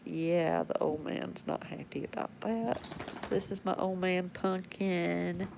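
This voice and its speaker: Slow, gravelly woman chatting at home. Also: on the low side, fairly even intonation, a little mellow, a little hiss or hum, low-quality recording. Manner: chatty, rambling, talks to her pets. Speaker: pet owner showing her animals. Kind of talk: casual home video chat.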